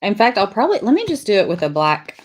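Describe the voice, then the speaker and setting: A woman's voice: medium pitch, sing-song, fast talker, slight background noise. Chatty woman teaching lettering. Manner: chatty, reads viewer comments aloud while drawing. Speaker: lettering class host. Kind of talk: live-streamed craft lesson.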